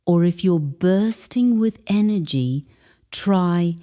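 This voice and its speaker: A woman reading a scripted lesson narration as an English teacher, explaining phrases deliberately. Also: on the low side, very animated, warm tone.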